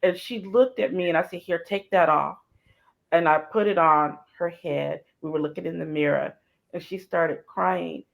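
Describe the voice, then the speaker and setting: A woman's voice: on the low side, moderate pace, creaky. A woman, a guest on an interview show, telling a personal story with feeling and acting out the voices of the people in it. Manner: animated, acts out dialogue. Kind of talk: emotional storytelling.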